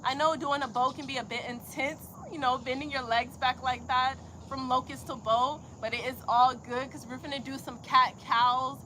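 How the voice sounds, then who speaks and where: Bright-voiced woman teaching yoga. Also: sits high, steady tone, slight background noise. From Georgia, USA. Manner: soft, slow breathing cues mixed with chatty comment reading. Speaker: yoga instructor. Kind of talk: live-streamed yoga class.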